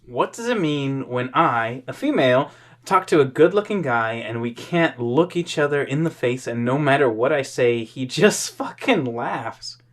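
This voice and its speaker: A tipsy co-host reads posts aloud slowly and deliberately at a mid pitch, stretching out the words. The tone is relaxed and teasing. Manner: slow, drawn-out reading, dry teasing. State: tipsy from drinking. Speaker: podcast co-host. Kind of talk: casual reading and banter.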